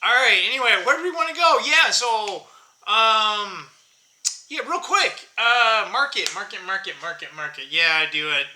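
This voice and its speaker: A man in his early fifties chats casually to his channel's viewers in a high, bright, forceful voice with lively intonation and normal speed. He rambles, jokes at his own expense, and laughs often, and the room sounds echoey.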